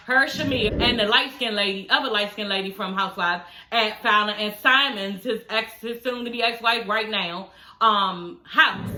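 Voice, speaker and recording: A woman's voice: on the high side, bright, forceful tone, reverberant. A woman vlogger recapping a reality show from home in casual, slangy chat, laughing often, her speech slightly slurred by new dental aligners.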